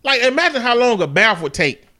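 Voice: mid-range voice, very animated, brisk, pushed and bright. A co-host in casual chat, joking playfully and spinning silly stories while laughing mid-sentence.

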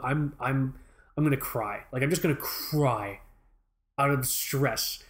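A man's voice: medium pitch, a little slow. A man co-hosting a podcast, telling a rambling, profane story in mock fury in casual chat. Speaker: podcast co-host.

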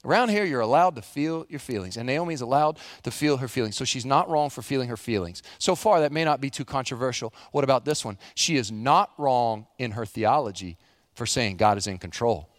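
A middle-aged man, a pastor preaching a sermon, animated, acting out the quotes he reads. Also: mid-range voice, fairly quick, no room sound, studio quality.

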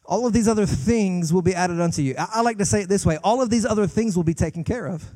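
Guest pastor, young man, high-pitched, emphatic sermon delivery, trips over his openings, close dry sound. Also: mellow, no room sound. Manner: emphatic, swings from fast bursts to slow drawn-out lines; repeats words when starting sentences.

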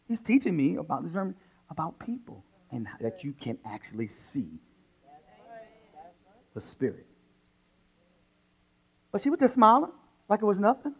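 Animated preacher man, lively pitch. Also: measured pace, pauses often, slightly rough. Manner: animated preaching that swings between loud bursts and hushed asides. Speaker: pastor. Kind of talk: sermon.

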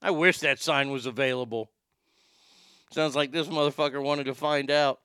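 A middle-aged man hosting a show, telling a story in a loose, profane rant. He keeps stammering and restarting, and his voice is bright and clear. The room sounds dry and close. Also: medium pitch, fairly even intonation, moderate pace, no echo. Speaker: show host. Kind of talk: casual ranting monologue.

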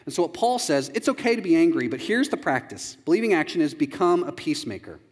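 A man preaching a sermon as a pastor, animated and jokey, acting out quotes with big jumps in pitch. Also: fast talker, husky, long reverb tail.

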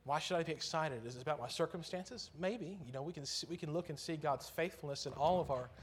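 A man's voice: fairly high pitch, fast talker, breathy edge. A man preaching a sermon in church, earnest and conversational, lifting his voice on key phrases.

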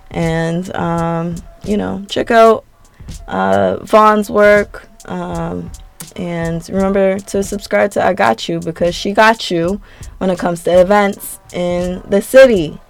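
A woman's voice: mid-range voice, creaky. A young adult woman, a podcast host and teacher, talking in a chatty, laughing, sentimental way. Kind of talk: casual podcast sign-off.

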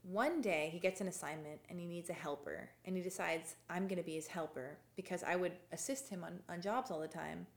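A woman's voice: lowish voice, fairly quick, creaky, hardly any pauses. Rambling woman telling a story in an echoey room. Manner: rambling storyteller, restarts and laughs. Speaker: podcast guest. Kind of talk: casual chat. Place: a home.

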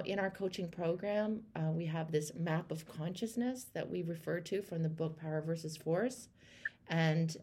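Lively encouraging woman coach, lowish voice. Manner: encouraging, animated, acts out example phrases. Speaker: host and life coach. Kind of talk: call-in coaching chat.

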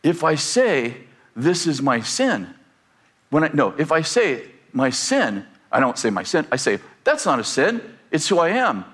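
A man's voice: fairly high pitch, very animated, measured pace, a bit bright. A man preaching a sermon as pastor, asking the congregation rhetorical questions and acting out quoted voices.

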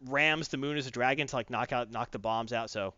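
A man's voice: mid-range voice, brisk, pushed and bright, dry recording, lo-fi sound. A man casually recapping a comic story on a podcast, acting out characters in silly voices. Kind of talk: casual chat.

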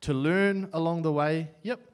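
Preaching a sermon, a young man with a New Zealand accent shares his personal story and jokes at his own expense, moving between loud and hushed as he voices his thoughts. His voice is on the high side, clean-toned and unhurried, with fairly even intonation.

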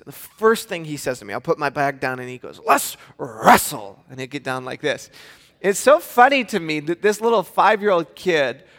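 Male pastor, 30s, high voice, animated story-driven sermon, long hall reverb. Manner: animated storytelling, playful asides.

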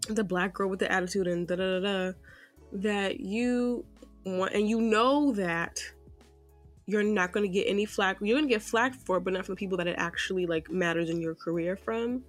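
A woman co-host is chatting casually around a podcast table. Her voice sits at an ordinary middle pitch. She talks emphatically, leaning into key words and drawing them out. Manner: animated, emphatic, drawn-out stresses. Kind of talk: casual roundtable chat.

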